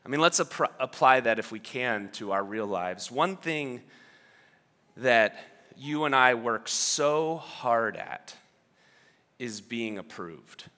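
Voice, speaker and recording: A man's voice: medium pitch, expressive, slow, bright, forceful tone, in a large hall. A male pastor preaching a sermon, telling a story in a conversational way with restarts and asides.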